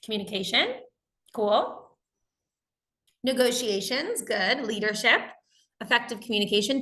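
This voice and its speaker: A woman with a bright, fairly high voice teaches a live webinar over a computer microphone. She talks in a chatty, explaining way, working through examples and answering chat questions. The room sounds roomy, with audible echo. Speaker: webinar instructor.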